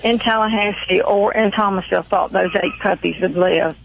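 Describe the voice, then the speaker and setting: A woman's voice: mid-range voice, fairly even intonation, normal speed, vocal fry, dry recording. Southern georgia lady calling in, chatty rambling story, dull lo-fi phone sound. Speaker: caller. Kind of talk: phone-in chat.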